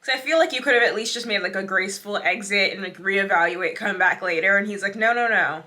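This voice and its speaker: A young woman hosting a reaction video, chatting sardonically with quick asides. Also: medium pitch, noisy background. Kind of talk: casual commentary.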